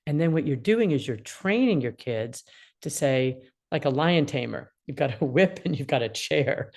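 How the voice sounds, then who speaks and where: A woman in her sixties with a low voice gives parenting advice as a mediator. She talks in an animated way and acts out the feelings she describes. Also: normal speed. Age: 60s. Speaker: attorney mediator and parenting guest.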